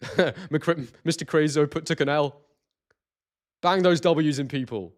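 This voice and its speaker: An excitable man talking straight to his viewers on a live stream. He is chatty and loose, and he keeps reading out names and messages from the chat. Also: fairly high pitch, measured pace. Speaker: boxing stream host.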